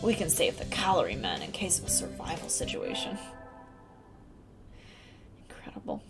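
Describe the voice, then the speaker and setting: A woman's voice: deep voice, big pitch swings, fairly quick, music in the background. A woman streaming a video game, chatting casually and reading the game text aloud. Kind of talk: casual let's-play commentary.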